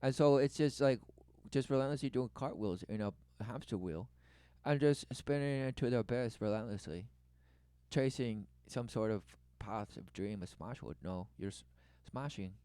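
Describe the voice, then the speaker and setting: A man's voice: medium pitch, moderate pace, warm tone, clean tone, no room sound. A man giving rambling spoken commentary, free-associating and circling back to the same words. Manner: repetitive, free-associating, says "relentlessly" a lot; mimics others in a raised voice when quoting them.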